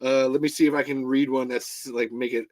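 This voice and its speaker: A man hosting a casual livestream, reading comments aloud in an excitable, rambling way and swearing often. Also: mid-range voice, fairly quick, dry recording. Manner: excitable, swears a lot, jumps between topics. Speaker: livestream host.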